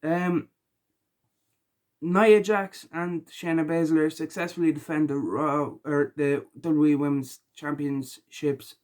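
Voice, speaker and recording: A tired man talking casually through his reactions, rambling with lots of ums and likes, and rising loud and high when he gets annoyed. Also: fairly even intonation, takes it slowly. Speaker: wrestling reaction vlogger. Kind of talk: casual spoken reaction vlog.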